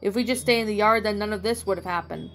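A woman's voice: mid-range voice, fast, fairly bright tone, faint music behind, close to an everyday voice. A woman reading a fan story, voicing a bitter, reproachful young man. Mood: resentful. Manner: complaining, reproachful.

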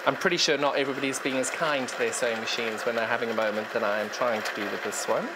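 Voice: mid-range voice, steady tone, fast talker, heavy background noise. A presenter doing a live TV sewing demonstration, chatty and self-deprecating, explaining step by step while working and talking to the sewing machine. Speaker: shopping channel sewing presenter.

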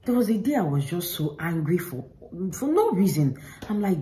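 A woman's voice: fairly low pitch, big pitch swings, moderate pace, few pauses, dark tone, a little hiss or hum, low-quality recording. A woman talking straight to the camera, giving earnest, informal faith advice and repeating herself for emphasis. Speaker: faith vlogger.

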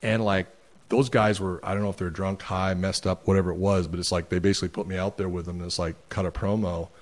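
Brief: lower-pitched male guest, animated storyteller, plays out the other voices in his stories. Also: fast talker. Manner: animated, acts out other people's lines. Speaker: podcast guest. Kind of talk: casual storytelling.

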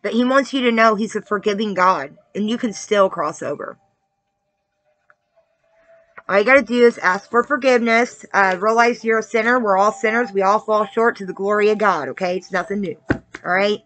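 A woman with a medium-pitched, slightly bright voice speaks fairly quickly, delivering a spiritual card-reading message in a casual, preaching style. She is earnest and confiding, sharing like a testimony and checking in with listeners by asking "all right?" and "okay?"

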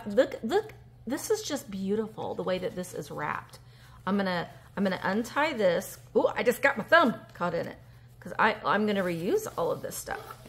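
A woman, chatting casually on a handheld phone vlog as she reads fan mail and opens a gift, emotional and gushing with breathy gasps. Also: medium pitch, fairly bright tone. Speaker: vintage reseller vlogger. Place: indoors at a table. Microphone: handheld phone camera.

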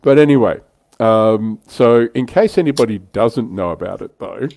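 A man's voice: on the low side, animated, moderate pace, creaky, darkish tone, no room sound. An older man hosting a casual livestream chat, chatty and self-deprecating, laughing often. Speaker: livestream host.

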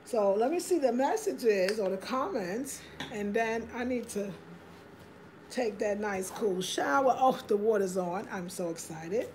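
A woman's voice: on the high side, animated, measured pace, background noise. A woman hosting a casual livestream from home, chatting upbeat and greeting viewers by name as she reads their comments. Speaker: livestream host.

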